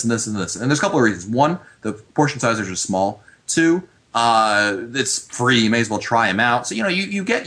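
A man's voice: mid-range voice, fairly bright tone. A man hosting a casual call-in podcast, chatty and laughing often, with many restarts. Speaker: podcast host.

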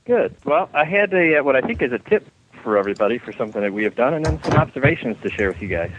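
A man's voice: mid-range voice, big pitch swings, fast talker, background noise. A man from Michigan calls in to a radio show and rambles through a tip, full of hesitant fillers. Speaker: caller. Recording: tinny phone line.

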